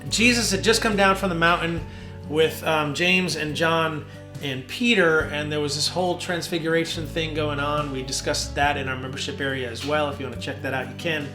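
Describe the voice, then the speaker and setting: A man, a worship leader, hosting a casual devotional talk from his home studio, relaxed and rambling with many fillers. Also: fairly high pitch, normal speed. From New Jersey. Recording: roomy studio with soft guitar.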